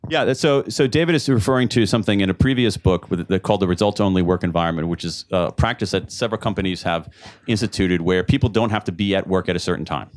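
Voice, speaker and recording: A low-voiced man answers questions from a live audience as an author. He is lively and jokey, and he keeps restarting sentences and repeating words while he thinks. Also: fast. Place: event room with a live audience.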